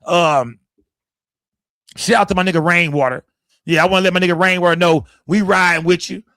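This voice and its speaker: A man hosts a livestream, rambling through heated commentary with plenty of profanity and shout-outs. His voice sits a bit high for a man. The sound is dry and close, with almost no room in it. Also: fairly even intonation, a little fast, dry recording. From Dallas, Texas. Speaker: livestream host. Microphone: streaming setup, close mic.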